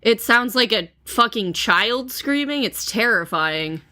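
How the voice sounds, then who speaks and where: A young American woman, a podcast guest, chatting casually with wry deadpan remarks. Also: a little high, unhurried. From United States. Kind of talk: casual chat.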